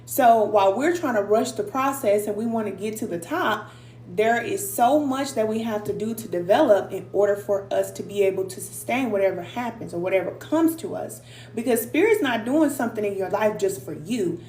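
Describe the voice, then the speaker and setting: In an echoey room with a faint hum, a woman gives a motivational spiritual self-help talk, speaking directly and conversationally to viewers while emphatically repeating short affirmations. Her mid-range voice has lively intonation, a darkish tone, and normal speed.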